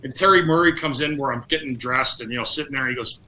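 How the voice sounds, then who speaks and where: A middle-aged man, a former hockey player, telling lively anecdotes on a podcast, acting out quotes and laughing often. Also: mid-range voice, quick pace, slight background noise, poor audio. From Canada. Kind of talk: casual storytelling.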